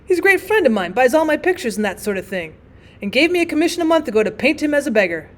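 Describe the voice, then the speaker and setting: A woman's voice: very animated, fast. A woman reading as a hearty laughing male painter. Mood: jovial. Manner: booming, laughing, emphatic.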